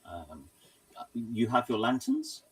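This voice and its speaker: A man narrating as game master of a tabletop game, hesitant and full of pauses and restarts. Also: mid-range voice, huge pitch swings, breathy edge, far from the mic.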